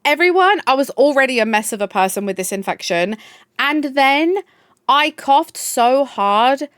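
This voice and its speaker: A bubbly young woman chats on her live stream, gushing over her viewers and swearing freely. Her voice sits a little high. The sound is close and dry. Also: expressive, measured pace, a bit bright, clean tone, no echo. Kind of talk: casual chat.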